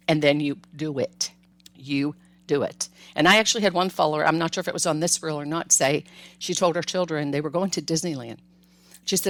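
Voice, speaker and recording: A woman's voice: low-pitched, fairly quick. An older woman, a grandmother, hosting a solo parenting podcast and giving advice in a friendly, chatty way with light laughs.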